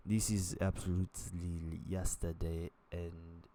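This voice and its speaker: A man vlogging casually to camera, halting and rambling with lots of fillers and restarts. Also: sits low, level tone, dark tone, slight background noise.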